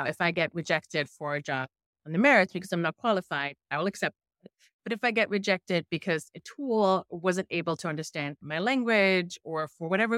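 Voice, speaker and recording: A woman with a German accent, a native German speaker in middle age, tells her findings as an interview guest. Her voice sits on the lower side for a woman and she brings her anecdotes to life by acting out what people said. The sound is dry and close, with no room echo. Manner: animated storyteller, acts out her own quotes. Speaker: guest, investigative journalist. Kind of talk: conversational interview answers.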